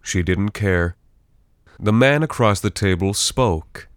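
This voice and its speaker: A man reads scripted fiction aloud in a steady, even storytelling voice. His pitch sits very low, and the recording is dry and close with no room sound. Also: takes it slowly, no echo. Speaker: narrator.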